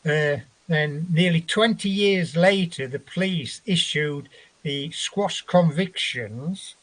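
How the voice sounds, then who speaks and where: Husky, fairly high-voiced man, a chat show guest who rambles through his story, swears freely and acts out the lines of others. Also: slow pace, fairly bright tone. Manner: rambling, profane, acts out quotes.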